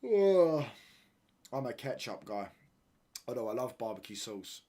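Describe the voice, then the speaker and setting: Young guy, live watchalong streamer, slangy chat, loud when ranting. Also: fairly low pitch, steady tone, moderate pace, breathy edge. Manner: casual slangy banter, repeats phrases, gets loud when ranting.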